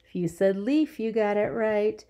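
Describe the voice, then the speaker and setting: A teacher giving a phonics lesson to young children, stretching out words slowly so they can count the syllables. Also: female voice, mid-range voice, warm tone.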